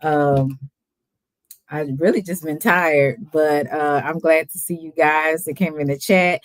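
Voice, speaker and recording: A woman's voice: sits low, fairly even intonation, a little slow, no echo. A woman hosting a casual livestream chat, talking easily, greeting viewers by name and laughing often. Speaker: livestream host.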